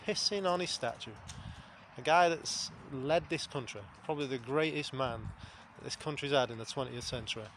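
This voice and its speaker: A man's voice: mid-range voice, normal speed, fairly bright tone, a little hiss or hum. A man, talking to camera in a blunt, rambling, sweary monologue. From England. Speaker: vlogger. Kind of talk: casual spoken monologue.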